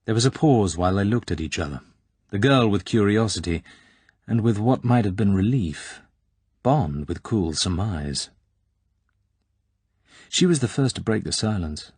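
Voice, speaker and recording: A man reading a novel aloud in measured scripted narration. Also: low-pitched, husky, no echo. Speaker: audiobook narrator.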